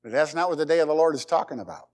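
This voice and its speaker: A man's voice: on the high side, animated, rapid-fire, darkish tone. A middle-aged man preaching a sermon, emphatic, with rhetorical questions and folksy jokes. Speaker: pastor.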